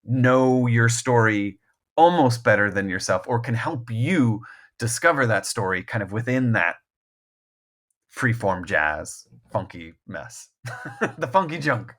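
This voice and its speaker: A man's voice: medium pitch, expressive, takes it slowly, a bit bright. A man speaking as a guest author in a casual podcast conversation, rambling and self-deprecating, full of restarts and laughing often. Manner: laughs often mid-thought.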